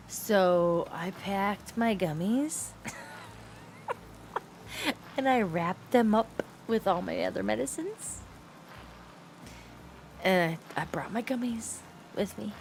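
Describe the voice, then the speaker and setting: Playing a game on a livestream, a middle-aged woman chats and shares stories, frequently giggling and cursing from time to time. Her voice is medium-pitched, with a little hiss or hum in the audio.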